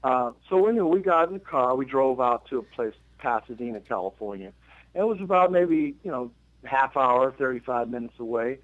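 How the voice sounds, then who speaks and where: A man, a musician and guest, telling a long personal story in a casual interview, jumping in pitch as he acts out others' lines and often restarting his sentences. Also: normal speed, no room sound. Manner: animated storyteller acting out quotes with sudden pitch jumps and many restarts. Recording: dull lo-fi dry radio recording.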